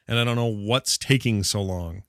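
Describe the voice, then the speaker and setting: A man hosting a casual gaming news podcast, talking quickly with sarcastic asides. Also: on the low side, fairly bright tone, no room sound, clean studio sound. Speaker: podcast host.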